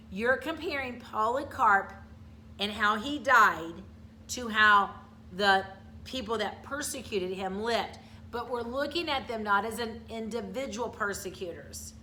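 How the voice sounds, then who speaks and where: A woman's voice: mid-range voice, pushed and bright, slight background noise. A middle-aged woman teacher giving an online grammar lesson, explaining patiently step by step and checking in with her students.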